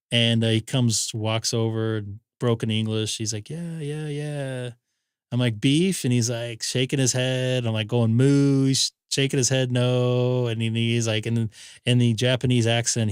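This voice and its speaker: Man, ham radio stream host, casual chat, smooth clear voice, dry close sound. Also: mid-range voice, no room sound. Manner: rambling anecdotes with acted-out quotes.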